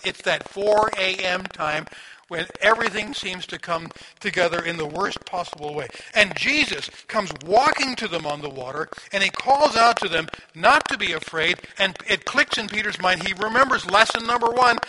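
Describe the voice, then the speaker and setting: A man preaching a sermon in a conversational, animated storytelling manner, asking the listeners questions. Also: high voice, moderate pace. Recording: audible background noise.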